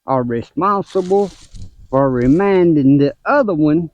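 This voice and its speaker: Slow-talking older grandpa. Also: male voice, lively intonation, a little mellow, no room sound, lo-fi sound. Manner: folksy, laughs between stories, raises pitch when telling the story. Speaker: gardening vlogger and grandfather. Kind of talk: casual storytelling vlog. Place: outdoors in a garden.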